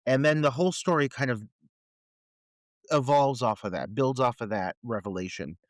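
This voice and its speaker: A man's voice: medium pitch, moderate pace, no echo. A man co-hosting a movie podcast, ranting with profane disbelief about a film's plot holes in casual chat. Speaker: podcast co-host. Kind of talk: casual film review chat.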